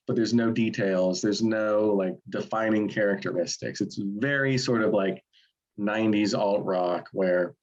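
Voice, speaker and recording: Rambling low-voiced man reviewing albums. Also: a little mellow, highs cut off. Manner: rambling, many fillers and restarts. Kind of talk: casual opinionated music chat.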